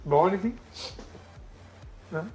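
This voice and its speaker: Man, podcast co-host, animated, fairly high voice, faint music behind. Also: slow pace. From Australia. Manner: animated, acts out quoted people, swears, laughs. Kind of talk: casual chat.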